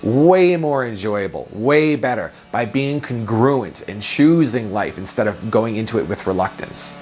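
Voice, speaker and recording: A man's voice: on the low side, expressive, measured pace, a little mellow. A man in his thirties, a productivity coach, giving a reflective self-help talk full of questions and repeated phrases.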